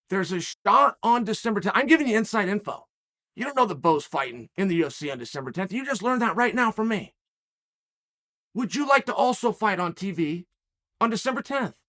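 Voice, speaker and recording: A man's voice: high-pitched, sharp tone. A man hosting his own commentary show, talking emphatically and firing rhetorical challenges at the audience. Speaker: commentator host. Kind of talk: animated solo commentary rant.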